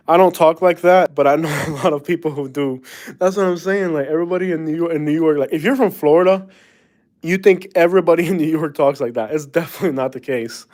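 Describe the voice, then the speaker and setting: A man's voice: a little high, darkish tone, dry recording. A man chatting casually on a live stream, rambling and chuckling, with frequent fillers and slang.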